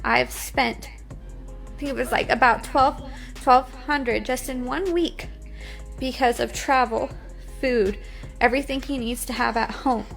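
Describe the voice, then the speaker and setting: Young woman, tearful, high-pitched, defiant and pleading, phone livestream. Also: measured pace, gravelly, pauses often, fairly bright tone, soft background music. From United States. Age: 20s. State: crying. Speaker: reality TV personality. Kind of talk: emotional livestream monologue.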